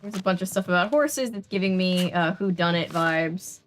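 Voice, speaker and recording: A woman's voice: lowish voice, normal speed, soft background music. A woman with a Southern US accent, chatting casually and laughing often while streaming a video game. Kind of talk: casual gameplay chat.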